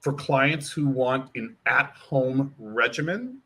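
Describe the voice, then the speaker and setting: A male educator for a hair care brand slowly explains and demonstrates a product in an animated interview, sometimes acting out client dialogue. His pitch is medium, and his voice carries a breathy edge.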